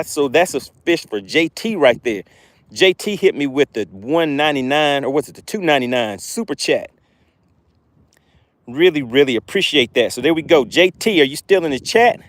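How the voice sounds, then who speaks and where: An excitable man hosts a live fishing stream from a boat out on a windy lake. He talks straight to his viewers, repeating his phrases with eager energy. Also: medium pitch, no echo.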